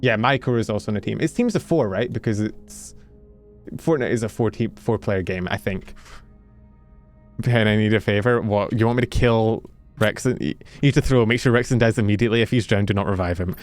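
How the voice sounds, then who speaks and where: A man's voice: on the low side, brisk, soft background music. A young man from the UK, a streamer chatting casually and rambling in a jokey, self-mocking way while he plays. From United Kingdom. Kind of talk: casual chat while gaming.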